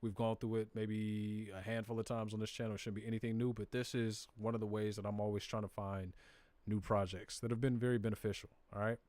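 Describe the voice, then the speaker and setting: A man's voice: fairly low pitch, flat delivery, a little fast, darkish tone, no echo. A man with a Southern US accent hosting a live crypto stream, walking viewers casually through charts and data in plain, slangy talk. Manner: conversational, talks to viewers directly, slips into slang. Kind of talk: casual screen-share walkthrough.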